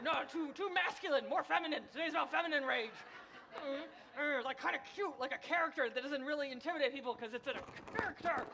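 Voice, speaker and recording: A woman comedian hosting a live event, loudly and playfully shouting questions at the audience to whip up a crowd warm-up. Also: high-pitched, fast talker, background noise. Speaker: host, comedian. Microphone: clip-on mic that keeps falling.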